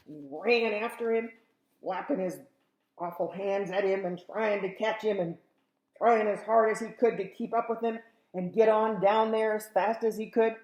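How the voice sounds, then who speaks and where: A woman's voice: medium pitch, fairly even intonation, normal speed, darkish tone. An older woman, a grandmother, telling a children's fairy tale in a chatty way, talking straight to the kids. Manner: chatty, talks directly to children. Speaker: grandmother storyteller. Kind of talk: children's story reading.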